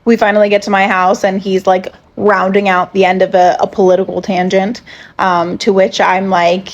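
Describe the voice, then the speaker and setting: A young woman casually recounting a date in a sardonic, deadpan way, full of fillers. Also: mid-range voice, normal speed, lo-fi sound. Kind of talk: casual storytelling to camera.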